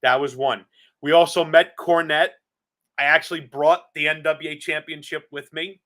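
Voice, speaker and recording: New guy on a podcast, eager storyteller, kinda high bright voice. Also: fairly even intonation, normal speed. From Staten Island, New York. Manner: earnest, enthusiastic storyteller. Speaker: podcast co-host. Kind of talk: casual chat.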